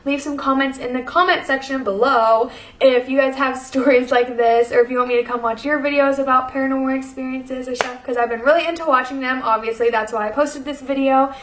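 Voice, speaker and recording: A woman's voice: sits high, fairly even intonation, a little fast, fairly bright tone, reverberant, a little hiss or hum. A young woman vlogger telling a personal story in casual chat, full of fillers, emotional and close to tears. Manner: chatty, many fillers, tearful and laughing.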